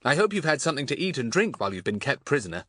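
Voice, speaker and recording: A man reading an audiobook, voicing an eager, bossy schoolboy detective in a brisk, confident manner. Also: mid-range voice, big pitch swings, a bit bright, dry recording, clean studio sound, pitched above the performer's own voice. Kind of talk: audiobook character voice.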